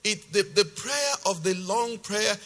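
A male pastor preaching a sermon, reading scripture loudly with force and then explaining it in a lower, conversational voice. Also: lively intonation, measured pace. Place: church hall. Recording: long reverb of a church hall.

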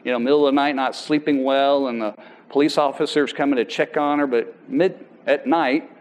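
A man, a pastor, giving a sermon and telling a personal story in a conversational way, with halting restarts and voices for people he quotes. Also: medium pitch, fairly even intonation, a little mellow, rough recording.

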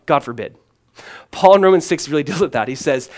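A man preaching a sermon as pastor, earnest and emphatic, posing questions and answering them, moving between strong proclamation and hushed, conversational asides peppered with "man.". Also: a little high, expressive, fairly quick.

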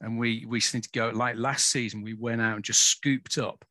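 A man's voice: medium pitch, fairly even intonation, moderate pace, pushed and bright, dry recording. A man, a podcast guest talking hesitantly in casual chat with many restarts. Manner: hesitant, self-aware, restarts often.

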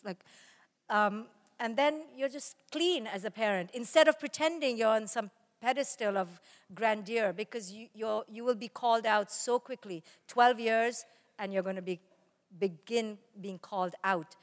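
A middle-aged woman, a parenting guest in an interview, telling lively stories about her family and laughing often. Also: medium pitch, measured pace, long reverb tail. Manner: animated storytelling, laughs often, acts out family dialogue. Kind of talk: conversational interview.

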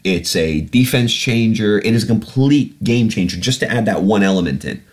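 Deep-voiced guy ranting on his podcast, sweary, lots of ums. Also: moderate pace. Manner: blunt, sweary, animated ranting with frequent fillers. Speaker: podcast host. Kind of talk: casual solo podcast rant.

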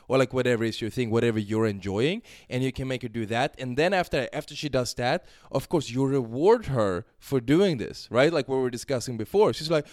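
A man's voice: mid-range voice, fairly quick, few pauses, no echo, studio quality. A man coaching on a podcast, explaining in a loose, talkative way and often checking in with "right?". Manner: explanatory, acts out dialogue examples, frequent "right?". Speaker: sex and dating coach.

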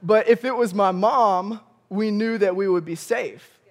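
A young male campus pastor from Michigan, preaching a sermon with animated storytelling, often chuckling and calling out to the congregation. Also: high-pitched, unhurried. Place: church auditorium.

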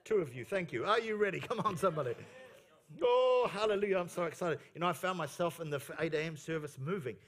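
A man's voice: a little high, fast, few pauses, fairly bright tone. A male pastor preaching a sermon at a church service into a stage microphone, emphatic, repeating key phrases, with playful asides. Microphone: fixed microphone on stage.

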